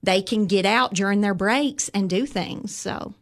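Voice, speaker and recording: Southern lady chatting on a podcast, animated and upbeat, mid pitch. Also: unhurried. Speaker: visitors' bureau guest. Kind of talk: casual interview chat.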